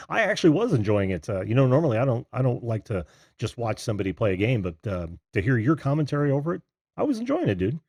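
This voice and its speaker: A man's voice: mid-range voice, very animated, quick pace, gravelly, a little mellow, no echo, studio quality. A man hosting a call-in show in a casual, friendly way, laughing often and talking with many fillers. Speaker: host.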